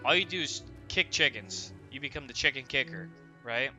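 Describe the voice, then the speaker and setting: Bright-voiced young man narrating gameplay. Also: mid-range voice, expressive, moderate pace. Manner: chatty, jokey, asks viewers "right?". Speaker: gaming channel host. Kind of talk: casual gameplay commentary. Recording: voice-over with game music behind.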